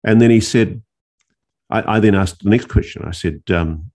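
A male journalist telling a story in an interview, animated, with restarts and dramatic pauses. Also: fairly low pitch. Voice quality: gravelly, husky.

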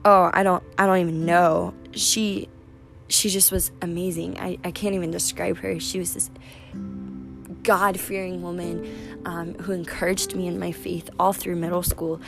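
A woman's voice: lowish voice, level tone, normal speed, creaky. A young adult woman hosting a faith-based podcast, chatting in a rambling way full of "like" and "um" as she tells personal stories. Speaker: podcast host. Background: music.

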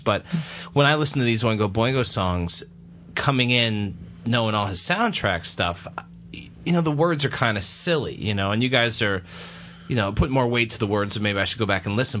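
Lively, bright-voiced man co-hosting. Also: fairly low pitch, slight background noise. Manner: enthusiastic, rambling, self-deprecating. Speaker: podcast co-host. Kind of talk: casual chat.

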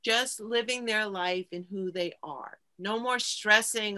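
A woman interviewer asking long, measured questions. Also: medium pitch, sharp tone.

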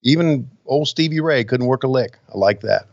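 A man's voice: medium pitch, lively intonation, moderate pace, dry recording, highs cut off. A man co-hosting a podcast, wry and profane, joking while watching wrestling. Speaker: podcast co-host. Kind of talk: casual chat watching wrestling.

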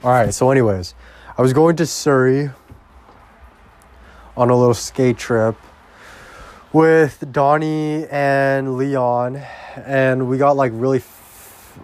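Slow, rambling, foul-mouthed young man. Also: mid-range voice, steady tone, a little mellow. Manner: rambling, heavily profane, slow-paced. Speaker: vlogger. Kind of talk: casual profane rant.

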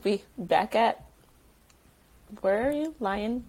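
A woman's voice: a little high, lively intonation, slow pace, darkish tone, breathy edge. A young woman from New York co-hosting a podcast in casual chat, teasing her co-host with dry quips.

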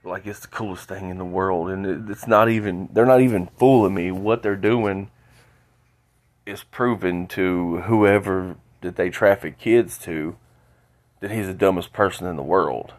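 A man talking alone into his podcast, stuffy from a cold, halting and often repeating words. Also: deep voice, fairly even intonation. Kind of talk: solo monologue.

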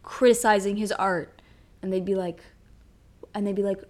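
A young woman hosting a solo podcast, ranting in a profane, animated, rambling way. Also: medium pitch, normal speed. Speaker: podcast host.

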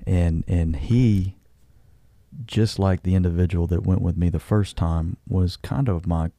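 A man who is a guest on a podcast, talking in a halting, heartfelt way and often repeating words. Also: low-pitched, fairly even intonation, dark tone, no room sound, clean studio sound. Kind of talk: casual conversation.

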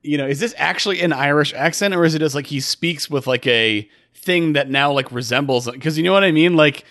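A man co-hosting a casual chat podcast, talking in a halting way with many fillers and restarts. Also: a little high, fairly bright tone, no echo, studio quality. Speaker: podcast co-host.

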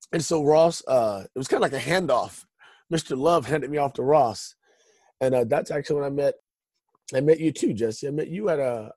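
A man's voice: medium pitch, mellow, no room sound. A man telling his life story in a loose, rambling way, with lots of restarts and fillers. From Northern California. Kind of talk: casual storytelling.

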